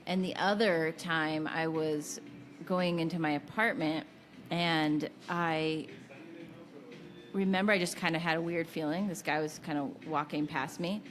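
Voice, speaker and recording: A woman's voice: low voice, steady tone, unhurried, faint music behind. An American woman co-hosting a podcast, talking in casual chat, giggly and candid. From United States. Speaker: podcast co-host.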